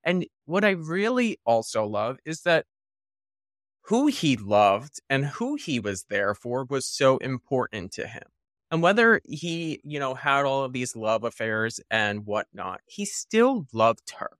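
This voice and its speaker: A man co-hosting a podcast and chatting casually about a film. He talks earnestly and laughs easily. His voice sits at a middle pitch in a dry, close recording. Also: big pitch swings, unhurried, fairly bright tone, dry recording. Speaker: podcast co-host.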